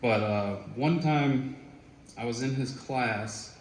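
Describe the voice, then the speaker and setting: At a memorial tribute, a former student shares casual stories in a medium-pitched voice, speaking slowly. He talks conversationally, using fillers and quoting other people's voices. The room is echoey and carries faint noise.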